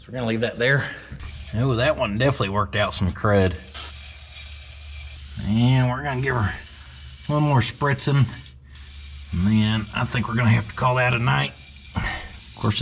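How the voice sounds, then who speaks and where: A man's voice: on the low side, slight background noise. A man chatting casually and joking as he works on an old truck in his shop. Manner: folksy, joking, talks to himself and his dog. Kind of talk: casual workshop vlog narration.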